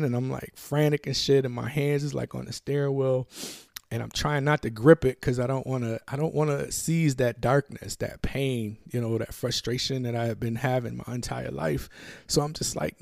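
A man's voice: medium pitch, normal speed, vocal fry, a little mellow, no room sound, clean studio sound. A young man telling a personal story in a profane, emphatic, emotionally raw way, full of street slang. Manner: emotionally raw, reliving tense moments.

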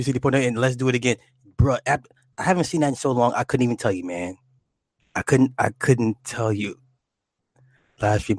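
A man's voice: mid-range voice, dry recording. A man chatting casually on a livestream, rambling and profane, laughing often. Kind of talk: casual chat.

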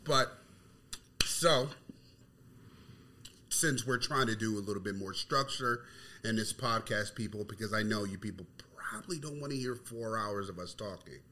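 A man's voice: lowish voice, normal speed, pauses often, sharp tone. A man co-hosting a podcast, telling laid-back stories and swearing freely in casual chat. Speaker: podcast co-host.

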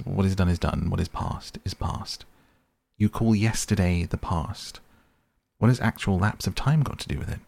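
A man's voice: sits low, vocal fry, mellow, breathy edge, dry recording, heavily acted. A man reading the part of a vain, coolly dismissive young man in a sleep story, with an airy, dismissive manner.

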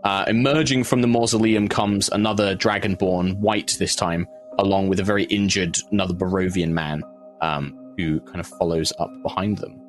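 A man running a tabletop game, describing scenes to the players in a rambling, stop-start way. His voice sits on the low side, and quiet music plays underneath. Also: fairly even intonation. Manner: meandering, halting, fond of fillers. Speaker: game master.

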